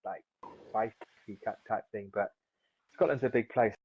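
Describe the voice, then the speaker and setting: A man's voice: lowish voice, a little slow, slight background noise. A man in his thirties from South London, chatting casually as an interview guest, rambling with lots of fillers and restarts. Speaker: guest, seaweed farmer. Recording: dull lo-fi sound.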